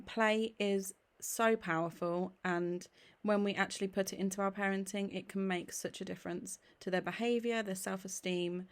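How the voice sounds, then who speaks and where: A woman's voice: mid-range voice, vocal fry. A woman in her thirties, a play therapist, giving an earnest, encouraging parenting talk with frequent "okay?" check-ins. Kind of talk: direct-to-camera parenting talk.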